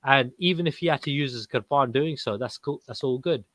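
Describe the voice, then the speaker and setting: A man's voice: mid-range voice, a little fast, a bit bright, slight background noise. A British man hosting a casual livestream panel, talking in street slang with lots of swearing and "you know what I mean".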